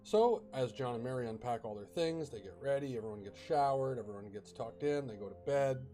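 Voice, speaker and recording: A man's voice: mid-range voice, brisk, mellow, faint music behind. A man casually telling a ghost story, chatty, with fillers and bursts of dramatic emphasis.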